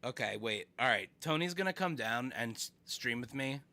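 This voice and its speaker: Animated, bright-voiced male streamer. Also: mid-range voice, moderate pace. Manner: animated, chatty, talks to chat. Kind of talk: casual live-stream reaction.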